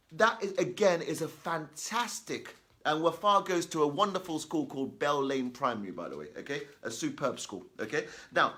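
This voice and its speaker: A man coaching children on reading aloud and practice, talking in a lively, encouraging way and checking in often with "okay?". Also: a little high. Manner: animated, repeats key points, many "okay?" check-ins. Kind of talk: storytime talk to children.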